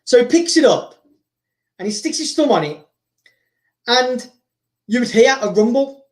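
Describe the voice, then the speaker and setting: A man hosting, rambling excitedly through a story told casually, with frequent repeats and restarts. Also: extremely high pitch, measured pace. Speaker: host. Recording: roomy echo.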